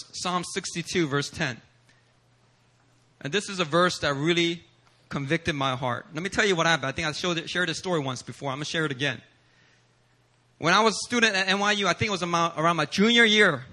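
A male pastor from Philadelphia preaching a sermon in a church service, telling a personal story with humor and acting out quotes. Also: a little high. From Philadelphia, USA. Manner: animated, humorous, acts out quotes.

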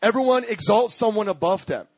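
A male pastor preaching a sermon, telling stories in a lively, slangy way and often laughing as he talks. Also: high voice, a little fast, no echo. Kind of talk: sermon with storytelling.

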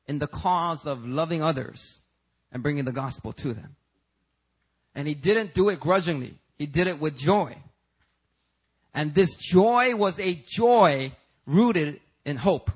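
At a church service, a pastor with a voice on the high side preaches a sermon. He presses his point with emphatic, rising rhetorical questions.

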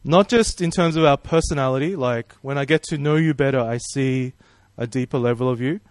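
A man's voice: mid-range voice, a little fast, dry recording. A man preaching a sermon in a friendly, conversational way, praying and asking the congregation questions. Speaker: pastor.

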